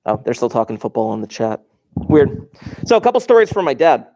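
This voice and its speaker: A man's voice: mid-range voice, very animated, brisk, mellow. A male teacher giving a casual, digressive lesson to his class, telling stories and asking the students questions, recorded in a classroom while he moves about the room. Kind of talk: classroom lecture, storytelling.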